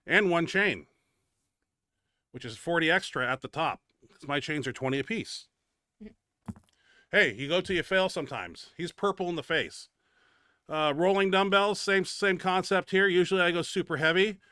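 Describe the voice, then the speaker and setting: His voice is high-pitched, sharp, clear, and resonant, at normal speed with frequent pauses, in a studio-quality recording with no room sound. As host of a bench press show, he talks over his training footage casually and bluntly, swearing and grumbling about his own setback.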